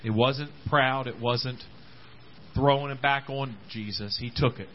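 A man preaching a sermon, with words often repeated and frequent amens, swinging between loud rising calls and quiet low asides. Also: fairly even intonation, a little slow, muffled recording, a little hiss or hum. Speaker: pastor. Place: church service.

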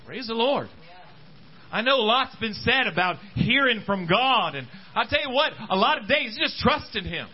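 Man, preacher, high voice, lively animated delivery, dull lo-fi recording. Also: moderate pace. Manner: animated preaching, calls out to congregation. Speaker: pastor. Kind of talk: sermon. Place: church service.

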